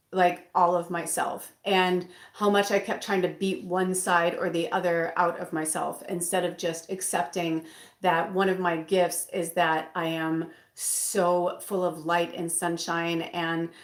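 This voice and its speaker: Rambling woman tarot reader, roomy echo. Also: fairly low pitch. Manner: rambling, with many fillers and restarts. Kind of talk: casual rambling chat. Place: bedroom at home.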